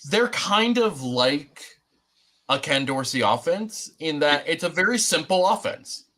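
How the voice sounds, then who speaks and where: A young man co-hosting a sports podcast, talking in a loose, rambling way with plenty of fillers. His voice is bright and forward. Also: a little high, expressive, measured pace. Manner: rambling, many fillers and restarts. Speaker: podcast co-host. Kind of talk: casual sports chat.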